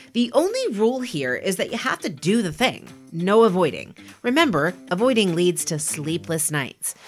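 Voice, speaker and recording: A woman giving a scripted motivational talk, speaking in a lively, emphatic and conversational way. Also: medium pitch. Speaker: inspirational podcast speaker.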